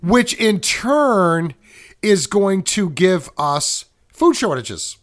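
A man's voice: high voice, very animated, very slow, a bit bright. A man co-hosting a podcast in casual chat, rambling and correcting himself, often leaning on movie references. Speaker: podcast co-host.

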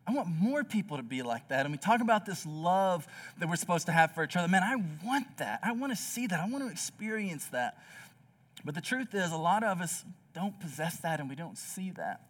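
Earnest young pastor preaching from afar. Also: male voice, a little high, a bit bright, recorded from a distance. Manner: earnest storytelling with many "like" fillers. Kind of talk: sermon. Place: church.

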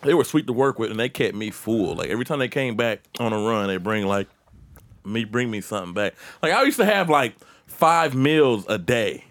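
A man's voice: mid-range voice, lively intonation, moderate pace, fairly bright tone, no echo. A man in casual chat, telling profane stories from his old job. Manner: crude, profane storytelling.

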